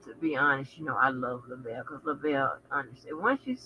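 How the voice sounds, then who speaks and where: A woman hosting a casual livestream, chatting with viewers in a sassy, profane way full of animated asides. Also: rumbling low, fast talker, highs cut off, a little hiss or hum. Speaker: channel host.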